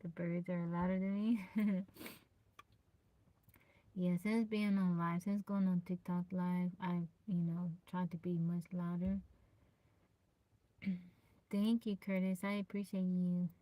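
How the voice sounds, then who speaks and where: A woman with a naturally low, soft voice chatting on a live stream. She greets viewers by name, laughs often and pushes herself to project. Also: little pitch movement, slow, pauses often, no room sound. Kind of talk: casual live-stream chat. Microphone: phone.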